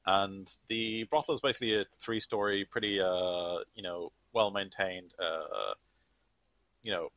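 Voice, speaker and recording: A man with a very low voice narrates a tabletop game as game master, rambling along with lots of fillers. The recording is dry and dull, like a lo-fi mic. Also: measured pace, pushed and bright, no room sound.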